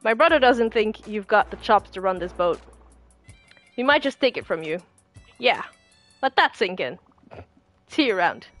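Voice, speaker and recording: A woman voicing a brash, bossy little hummingbird in a game, with a gruff wiseguy way of talking. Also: medium pitch, big pitch swings, normal speed, pauses often, a bit bright, soft background music.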